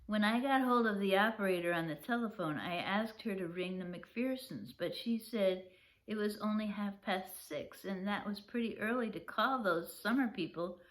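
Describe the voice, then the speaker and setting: An older woman, a grandmother, reading a children's chapter book aloud gently and showing its pictures. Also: medium pitch. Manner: gentle, unhurried, shows pictures. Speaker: storyteller.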